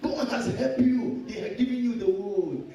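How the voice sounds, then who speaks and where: A man's voice: very high-pitched, moderate pace, mellow. A man preaching a sermon in an emphatic, exhorting way, repeating his key phrases. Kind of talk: sermon with call-and-response. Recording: echoey hall, from far off.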